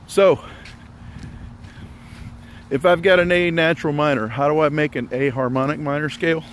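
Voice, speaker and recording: A slightly breathless man with a fairly high voice teaches music theory outdoors at a moderate pace, with a little background noise. His casual lesson rambles in a relaxed way as he explains things step by step.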